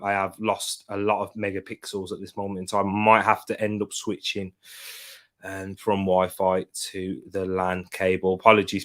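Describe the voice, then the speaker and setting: A tired young man with a lowish voice hosts a live football watchalong stream from home. He chats casually, greeting viewers, giving slangy shout-outs, and reading their comments aloud.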